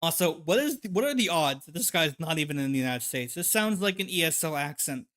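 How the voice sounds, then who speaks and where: A man hosting a livestream, reacting to videos with rapid, profane, exasperated commentary. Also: fairly high pitch, animated, fairly bright tone, soft background music.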